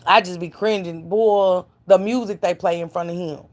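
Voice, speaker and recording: A woman's voice: fairly low pitch, steady tone, moderate pace. A woman giving blunt, profane gossip commentary to her live stream chat, preaching and calling out viewers by name.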